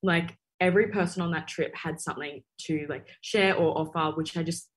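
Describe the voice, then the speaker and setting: A woman's voice: low-pitched, steady tone, normal speed. A young Australian woman, a student guest, talking in a rambling, self-conscious way. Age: young adult. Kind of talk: casual interview chat.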